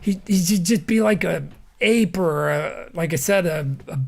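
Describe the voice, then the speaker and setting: A middle-aged man talking as a podcast guest in an animated way, often restarting sentences and groaning in disgust. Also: high voice, measured pace, gravelly. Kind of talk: casual podcast chat.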